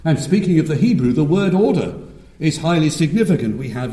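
A man preaching a sermon, measured and emphatic, with frequent restarts. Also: on the high side, big pitch swings, dark tone, roomy sound.

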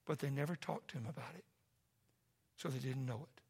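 A man who is a pastor preaching a sermon in a church, impassioned and loud at first, then soft and pleading. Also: mid-range voice, a little fast, slightly rough. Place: church sanctuary.

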